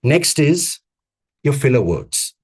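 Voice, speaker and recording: Husky guy coaching over a video call, punchy repeated lines, slow deliberate pauses. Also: medium pitch, very animated. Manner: emphatic, repetitive phrasing with deliberate pauses. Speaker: communications coach. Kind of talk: live online coaching talk.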